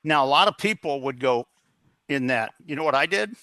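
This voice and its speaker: A man's voice: medium pitch, animated, moderate pace, pushed and bright, no room sound. A man telling an earnest story as a guest in a casual interview, acting out the dialogue as he goes. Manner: earnest, anecdotal, quotes others in dialogue.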